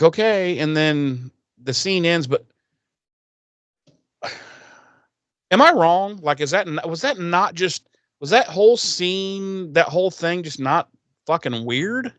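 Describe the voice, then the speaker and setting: A man's voice: fairly high pitch, no echo. Rambling, profane man recapping TV. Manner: rambling, profane, acts out characters in quick voices. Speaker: podcast co-host recapping an episode. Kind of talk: casual chat, retelling scenes.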